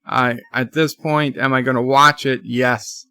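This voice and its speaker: A man's voice: medium pitch, steady tone, a little slow, pushed and bright, clear, resonant tone, no echo, studio quality. A man giving a casual, rambling live review of a TV episode, with many restarts, retelling scenes. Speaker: YouTube TV reviewer.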